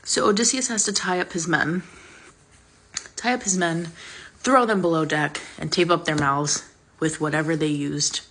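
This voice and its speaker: A woman's voice: sits low, steady tone, normal speed, noisy background. A woman retelling an old myth in a chatty, sarcastic, casual way, with plenty of fillers. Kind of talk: casual storytelling.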